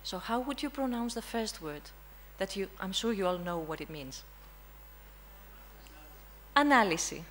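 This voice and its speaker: A woman's voice: mid-range voice, expressive, moderate pace, few pauses, poor audio. Greek-accented woman, conference presenter, interactive teaching style with frequent "hmm?" check-ins, faint hum. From Greece. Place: conference room.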